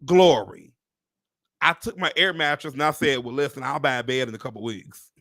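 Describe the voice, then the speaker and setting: A man telling animated, profane stories to live viewers, with preacher-like exclamations. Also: medium pitch, quick pace, dry recording, clean studio sound. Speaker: real estate agent hosting a live stream. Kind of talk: casual storytelling to live viewers.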